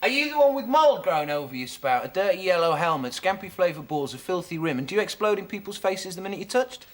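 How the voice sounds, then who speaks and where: An actor playing a sardonic pub regular who needles others with questions. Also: male voice, high voice, sing-song, fast talker.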